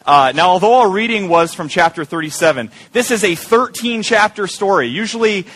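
A man preaching to his congregation in a loose, joking way, often asking them to say words back to him. His voice sits a little high for a man. He talks like a friendly pastor walking through a Bible story. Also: animated, brisk, fairly bright tone. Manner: jokey, engaging the audience with call-and-response. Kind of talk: sermon.

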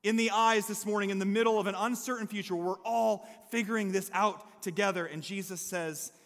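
Male pastor, high voice, chatty preaching with jokes and call-outs, long church reverb. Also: brisk. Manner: conversational preaching with frequent "okay?" and "amen?" to the congregation; lively storyteller who mixes humor with earnest emphasis. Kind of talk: sermon. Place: church service before a congregation.

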